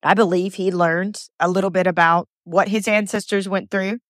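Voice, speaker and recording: A woman speaks on her solo podcast in an earnest, emotional way, stumbling and repeating words as she goes. Her voice sits at a middling pitch. The sound is close and dry, with no room echo. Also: fairly even intonation, moderate pace. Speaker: podcast host. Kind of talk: heartfelt solo podcast monologue.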